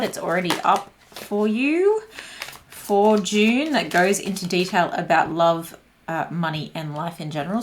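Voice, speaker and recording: A woman's voice: fairly low pitch, noisy background. A young woman reading tarot cards in a casual, chatty way, often laughing and filling gaps with "like" and "um". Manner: chatty, giggly, lots of fillers. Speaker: tarot reader.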